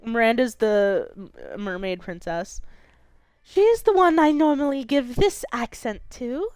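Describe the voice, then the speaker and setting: A woman's voice: fairly high pitch, big pitch swings, unhurried, darkish tone, clean tone, no room sound. Chatty woman streamer, dry sound. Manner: chatty, explains rules eagerly. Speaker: streamer running the game. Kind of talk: casual gaming chat.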